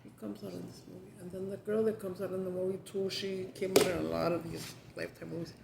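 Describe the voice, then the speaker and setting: Gravelly chatty woman vlogging over food. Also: on the low side, flat delivery, quick pace, a little mellow. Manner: chatty, switches into Spanish phrases. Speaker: mukbang vlogger. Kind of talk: casual chat while eating. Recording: echoey room with background noise.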